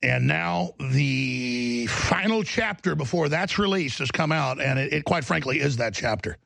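A man's voice: a little high, animated, unhurried, vocal fry, fairly bright tone, no echo. A man hosting a broadcast, delivering a fervent, ranting monologue with emphatic repetition. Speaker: talk show host.

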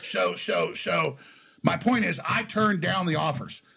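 A man with a Texas accent speaks as an interview guest, talking in an emphatic, rambling way. His voice is heavily gravelly with a husky, slightly raspy texture. It sits a little higher than most men's voices. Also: expressive, unhurried, sharp tone. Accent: Texan. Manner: emphatic, rambling, acts out quoted exchanges. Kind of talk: conversational interview storytelling.

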